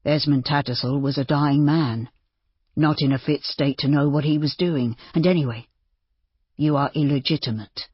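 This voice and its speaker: A self-assured gentleman who speaks with easy, cool firmness and a trace of scorn, played by the narrator. His voice sits a little low and sounds slightly husky. The recording is dull and dry. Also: fairly even intonation, moderate pace, no room sound, close to an everyday voice. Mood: firm. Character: confident gentleman heir, calm and scornful.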